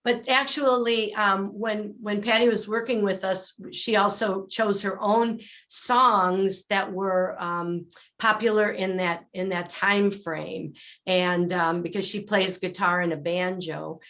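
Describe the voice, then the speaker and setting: A woman performer adds her own remarks during a joint interview. She talks at a slow pace with a mid-range voice. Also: medium pitch, steady tone, fairly bright tone. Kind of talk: interview guest.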